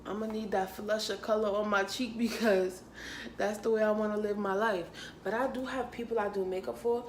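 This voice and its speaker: Speaking at a normal pace with a steady tone and medium pitch, a young woman who does makeup and beauty vlogging leads a relaxed tutorial. She's playful and sassy, laughs a lot, and calls viewers sis and honey, recorded in an echoey room with slight background noise.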